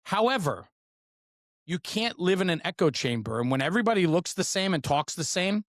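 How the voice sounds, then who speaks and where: A man's voice: high voice, animated, a little fast, a bit bright, dry recording, studio quality. A man hosting a fire service podcast, talking bluntly in a fired-up way and swearing freely. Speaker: podcast host. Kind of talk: casual podcast conversation.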